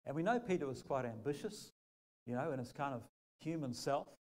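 A male pastor with a New Zealand accent preaching a sermon, telling stories and acting out quotes in a lively way. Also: mid-range voice, fairly quick, poor audio.

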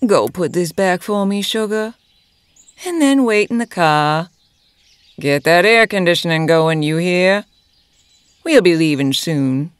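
A woman playing a sultry, menacing cult leader who talks in a slow, teasing, purring drawl. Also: lowish voice, lively intonation, clear, resonant tone. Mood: sly. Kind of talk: audio drama acting.

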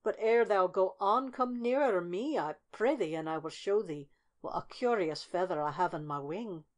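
A woman's voice: medium pitch, normal speed, darkish tone, lightly acted. A woman voicing a sly, greedy male bird of prey who talks sweetly and coaxingly.

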